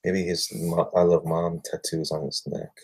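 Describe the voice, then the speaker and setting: A man's voice: sits low, flat delivery, moderate pace, a little mellow, slightly rough. A man chatting casually with viewers while drawing on a livestream, rambling and muttering to himself.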